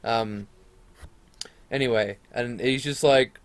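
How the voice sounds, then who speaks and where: A man's voice: medium pitch, takes it slowly, long pauses, no echo. Young man, casual storytime vlogger, rambling and crude, dry close mic. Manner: rambling, profane, animated retelling with quoted voices.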